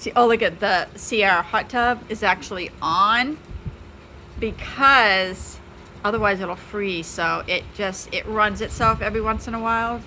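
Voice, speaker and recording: A woman vlogging casually at home with a handheld camera, chatty and quick to laugh. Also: medium pitch, bright, forceful tone, slight background noise. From Southern United States. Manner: chatty, laughs often, coos at pets. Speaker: vlogger, mom. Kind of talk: casual vlog chat. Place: home and snowy backyard.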